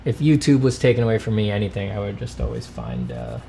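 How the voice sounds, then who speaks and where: A man's voice: on the low side, huge pitch swings, fast talker, creaky, warm tone, slight background noise. A man hosting a casual livestream, answering viewer questions and thanking donors with dry, self-mocking humor. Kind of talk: casual livestream chat, reading donations.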